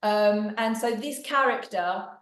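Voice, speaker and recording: A woman's voice: mid-range voice, takes it slowly, fairly bright tone, reverberant, distant mic. A woman guest speaking at an event, telling chatty anecdotes about her comedy sketches. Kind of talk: anecdotal storytelling.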